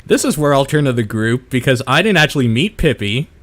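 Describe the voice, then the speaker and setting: A man's voice: mid-range voice, expressive, brisk. A man playing a tabletop game, chatting casually and laughing often. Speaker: player.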